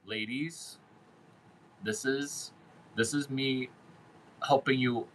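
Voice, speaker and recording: A man's voice: mid-range voice, steady tone, slow, a little hiss or hum, poor audio. A man hosting a casual monologue, brash and crude, who repeats phrases for emphasis. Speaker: host giving dating and sales advice.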